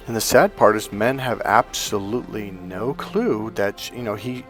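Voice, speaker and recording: A man's voice: on the low side, moderate pace, faint music behind. Emphatic male relationship coach. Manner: emphatic, acts out quoted couples' lines. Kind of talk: solo coaching monologue.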